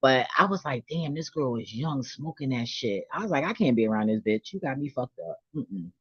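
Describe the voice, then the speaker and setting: A woman's voice: extremely low pitch, expressive, moderate pace, slightly rough, no echo. A middle-aged woman vlogging in a hyped, profane, laughing casual monologue. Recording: dull, dry lo-fi recording.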